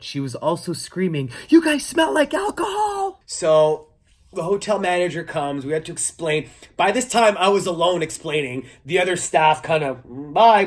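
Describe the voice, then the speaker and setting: A man, a magician, telling a story in a casual vlog, animated and laughing as he goes. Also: on the high side. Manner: animated, laughs while telling, acts out voices. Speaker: magician and kids' entertainer.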